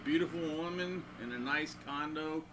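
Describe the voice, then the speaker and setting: A guitarist and channel host with a fairly high-pitched voice tells a crude, meandering anecdote at a moderate pace, doing impressions of the people involved. It comes between guitar playing, and there's background noise.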